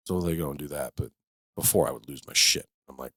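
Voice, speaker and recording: A man's voice: extremely low pitch, fast talker, fairly bright tone, breathy edge, dry recording, studio quality. A man co-hosting a casual podcast, telling stories about his kids and swearing casually. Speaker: podcast co-host. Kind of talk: casual chat.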